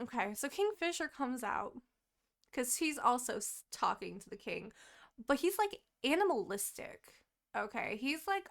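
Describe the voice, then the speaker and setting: A young woman chatting on a podcast, retelling a story with plenty of swearing and quick acted-out quotes. Her voice sits a little high, with a gravelly fry running through it. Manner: animated and profane, acts out quoted characters. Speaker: podcast co-host. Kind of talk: casual chat, retelling a book plot.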